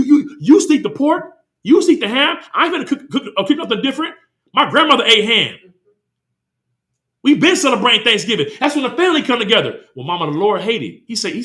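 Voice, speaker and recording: A man's voice: extremely high pitch, sharp tone. A man preaching a sermon, heated and full of rhetorical questions, reading scripture between points. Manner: impassioned, rhetorical questions, slips into quoted voices. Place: congregation hall.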